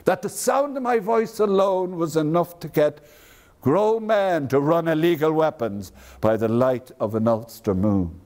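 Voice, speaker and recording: A man's voice: fairly high pitch, lively intonation, a little slow, darkish tone. An actor with an Irish accent playing an aging, proud statesman in a theatrical one-man stage monologue, wry and grand, savoring each phrase.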